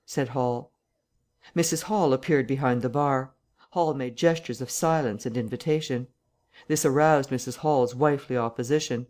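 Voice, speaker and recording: An audiobook narrator reading a classic novel in a steady, even storytelling manner. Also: mid-range voice, moderate pace.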